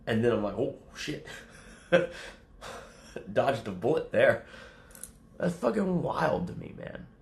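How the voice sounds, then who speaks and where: A man's voice: medium pitch, big pitch swings, slow pace, vocal fry, long pauses, reverberant. A man livestreaming casual chat to his viewers, rambling and swearing, often laughing. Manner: rambling, profane, laughs a lot.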